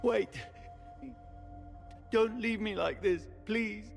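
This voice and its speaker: An actor playing a dying, tortured male knight who is weak and in pain, speaking in a strained, gravelly whisper in halting, broken phrases. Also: on the high side, expressive, faint music behind. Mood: pleading. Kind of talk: video game voice acting.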